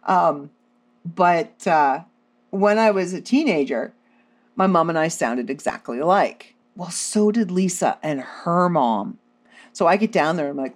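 Animated low-voiced woman telling stories. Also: unhurried. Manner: animated, self-deprecating, laughs often. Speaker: podcast host. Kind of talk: casual comedic storytelling.

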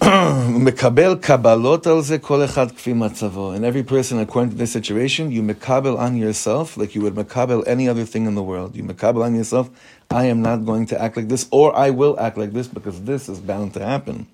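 A man's voice: mid-range voice, steady tone, fast talker, mellow. A man, a rabbi giving an informal Torah class in a conversational way, mixing Hebrew terms into his English and putting questions to the room.

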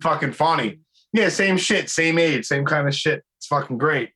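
A man's voice: on the high side, expressive, moderate pace, sharp tone, husky. A man hosting a podcast in casual chat, slangy and swearing a lot, calling his guest "dude". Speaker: podcast host.

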